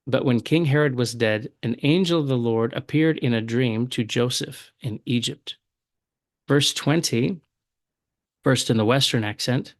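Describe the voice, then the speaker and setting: A man teaches a recorded Bible study at an easy, patient pace, reading passages aloud before he explains them. His voice is mid-pitched and he sounds close to the mic, dry, with no room echo. He pauses now and then with small fillers as he works through his points. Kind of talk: recorded lecture.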